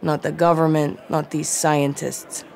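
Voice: medium pitch, level tone, measured pace, vocal fry, darkish tone, some chatter behind. A narrator doing a bellowing drunk mayor. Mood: ranting. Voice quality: bellowing, sneering. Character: angry drunken male small-town mayor. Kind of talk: audiobook narration.

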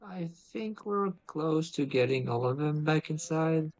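A woman's voice: deep voice, lively intonation, a little slow, a little mellow. A woman gamer talking in a dry, matter-of-fact way during co-op play. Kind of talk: casual co-op gameplay chat.

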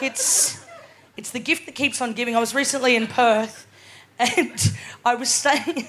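A woman in her twenties with an Australian accent, performing chatty stand-up comedy at a live venue and laughing often as she tells her stories. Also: fairly high pitch. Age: 20s. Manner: chatty, laughing storyteller, keeps asking "right?".

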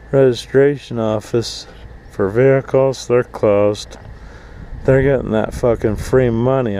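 A man's voice: mid-range voice, dark tone, slight background noise, low-quality recording. A man ranting angrily to camera outdoors, swearing constantly and mocking people in put-on voices. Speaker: vlogger, full-time RVer. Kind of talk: profane rant to camera. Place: outdoors at an RV park.

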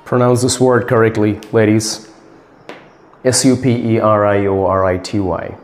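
A man playing a stern English teacher who spells words letter by letter and repeats them slowly and formally. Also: fairly low pitch, little pitch movement, in a large hall, slight background noise, lightly acted. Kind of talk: comedic sketch acting.

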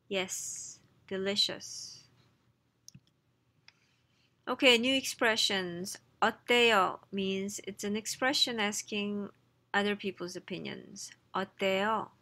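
A woman teaches a lesson in a bright, edgy voice with a gravelly fry underneath. She reads example lines quickly and then explains them at an unhurried pace, with casual asides and self-corrections along the way. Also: medium pitch. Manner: reads Korean lines fast, then explains slowly in English. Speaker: Korean language teacher.

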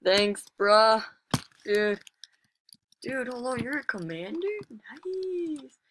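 A woman casually commentating her own online gameplay as a channel host, chatty and excitable, with sudden exclamations and self-mocking remarks. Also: mid-range voice, slow pace, noisy background.

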